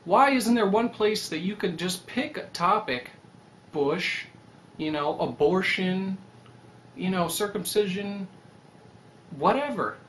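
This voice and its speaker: A young man talking in a rambling, animated casual monologue, swearing freely and pitching his website idea. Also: takes it slowly, pauses often, slight background noise. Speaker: website creator.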